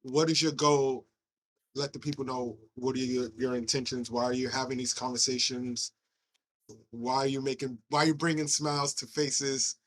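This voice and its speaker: A man's voice: mid-range voice, flat delivery, normal speed, a little hiss or hum. A man hosting a podcast, asking questions in a rambling way, restarting and repeating words. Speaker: podcast host. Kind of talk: podcast interview.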